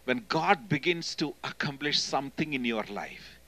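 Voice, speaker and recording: A man with an Indian accent preaching a sermon in church as a guest speaker, emphatic and swinging between loud and hushed delivery. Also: mid-range voice, lively intonation, normal speed, poor audio. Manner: emphatic, often calling "hello?" to the congregation.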